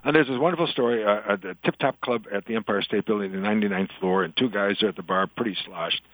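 An older man talks as an interview guest, in a chatty storyteller's way. His voice gets animated when he delivers punchlines. The room sounds dry and close. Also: fairly low pitch, fast talker, no room sound, low-quality recording. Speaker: author and guest. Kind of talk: interview conversation, telling jokes.

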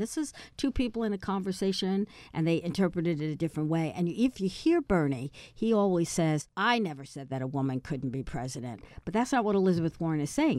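A woman's voice: low voice, dark tone, dry recording. A woman on a discussion panel who argues her view with assurance.

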